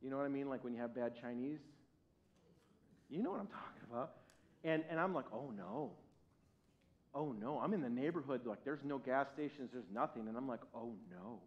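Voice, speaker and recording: A man preaching at a church service, telling a personal story in an animated, self-mocking way, with his voice swinging from quiet to loud. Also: mid-range voice, fast. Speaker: pastor. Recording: dull lo-fi sound.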